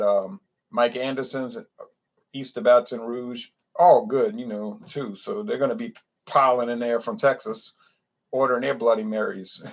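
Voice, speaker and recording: A man's voice: mid-range voice, highs cut off. A man with a Louisiana accent reviewing beer in a casual, rambling, opinionated way that wanders off topic. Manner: opinionated, blunt, digressive.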